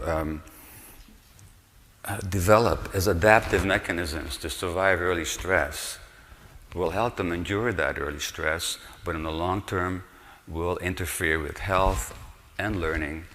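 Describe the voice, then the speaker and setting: An older man with a low voice gives an earnest lecture, pressing his points with rhetorical questions. His words ring out with a long hall reverb. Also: a bit bright, a little hiss or hum. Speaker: speaker giving a lecture. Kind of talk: public lecture.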